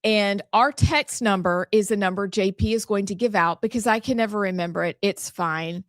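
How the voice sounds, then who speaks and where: A woman's voice: medium pitch, moderate pace, dry recording. A woman, co-hosting a talk show and laying out the schedule in an upbeat way. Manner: upbeat, explains the show's schedule. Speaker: co-host. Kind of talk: casual talk-show chat.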